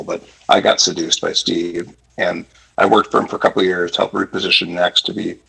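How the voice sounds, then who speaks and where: A man's voice: sits low, creaky, bright, forceful tone, slightly rough, poor audio. A man, a former tech executive, talking casually about his career as a panel guest, with frequent fillers. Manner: conversational, with many fillers.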